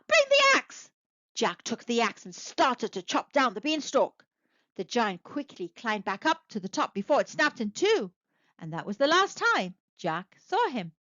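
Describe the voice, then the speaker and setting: A woman reading a picture book aloud to children, narrating with expressive, animated storytelling. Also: high-pitched, no echo, highs cut off. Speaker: storyteller, channel host.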